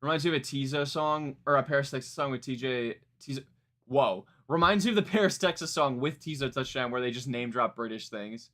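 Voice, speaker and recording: This medium-pitched man talks briskly with a fairly bright tone. He's reviewing music live on stream, rambling casually, stumbling into fillers and fresh starts, and chuckling at his own slips.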